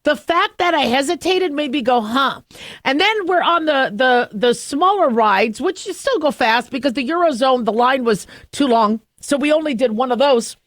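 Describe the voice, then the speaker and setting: A middle-aged woman hosting a radio talk show, telling a story in a chatty, self-mocking way and laughing often. Her voice sits high, and the studio sound is close and dry. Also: lively intonation, normal speed, no room sound. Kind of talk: casual monologue.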